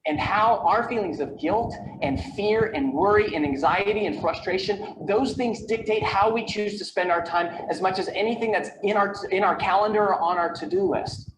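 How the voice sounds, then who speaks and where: A man with a high voice delivers a motivational keynote, building his points through stories, rhetorical questions and repeated lists. His voice is played from a video over a call, so it sounds echoey with a steady hum of background noise. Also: normal speed, hardly any pauses. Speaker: keynote speaker on time management.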